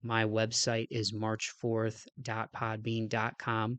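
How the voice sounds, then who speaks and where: A man with a somewhat low, flat voice and a nasal, stuffed-up sound, a little out of breath. He rambles earnestly through a casual podcast sign-off. The sound is dry and close. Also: takes it slowly, clear, resonant tone, no room sound. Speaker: podcast host.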